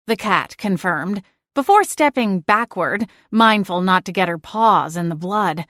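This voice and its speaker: A woman narrating a first-person audiobook in a lively, expressive way. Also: mid-range voice, unhurried, no echo, studio quality.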